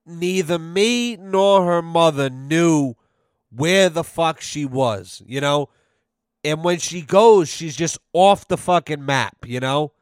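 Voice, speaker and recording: A man hosts a casual podcast, swearing freely and telling stories with a sarcastic edge. His voice sits a little high. The sound is dry and close to the microphone. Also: expressive, slow pace, smooth, no echo. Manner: profane, sarcastic storytelling. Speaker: podcast host.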